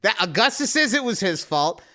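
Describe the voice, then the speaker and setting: Talking a little fast in a voice that sits high, a young man co-hosts a podcast. He's a lively storyteller in the casual conversation and acts out what people said.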